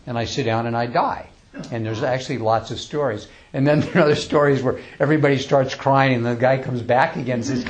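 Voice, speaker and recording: A man of middle pitch speaks as a Zen teacher giving an informal dharma talk. He sounds relaxed and conversational, chuckles often, and restarts sentences with small fillers. When he reads verses aloud, he slows right down. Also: slight background noise.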